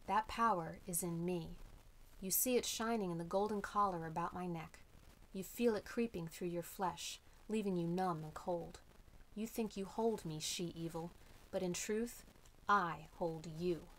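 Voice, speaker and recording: A fearless young warrior hero speaks in slow, weighty, measured words, as a woman reading a storybook puts him on. The voice sits fairly low, with a faint hiss of noise under it. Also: fairly bright tone, poor audio. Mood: commanding. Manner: slow, emphatic, incantatory delivery.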